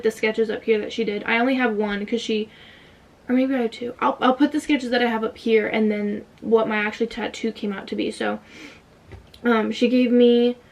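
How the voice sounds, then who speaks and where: A woman's voice: on the high side, gravelly, recorded from a distance. A young woman telling a personal story in a casual vlog, emotional and fighting back tears, with many "like" fillers. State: tight throat from holding back tears. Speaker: vlogger.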